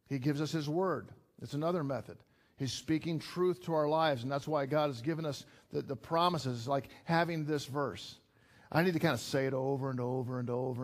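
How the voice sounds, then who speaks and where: A man's voice: mid-range voice, normal speed. Man, middle-aged pastor, sermon, conversational delivery, emphatic bursts, mid-range voice. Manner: conversational preaching, rising to emphatic peaks. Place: church gathering.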